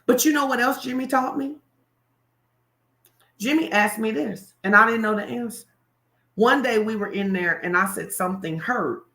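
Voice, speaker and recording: A woman pastor giving a lively, colloquial sermon-style talk, speaking straight to her listeners. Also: fairly high pitch, moderate pace, pauses often, roomy sound. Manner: animated, colloquial, addresses the crowd directly.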